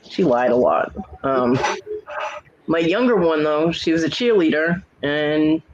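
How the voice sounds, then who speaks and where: A woman's voice: deep voice, unhurried, darkish tone, muffled recording. A woman host in casual chat, bluntly telling salty family stories with a laugh.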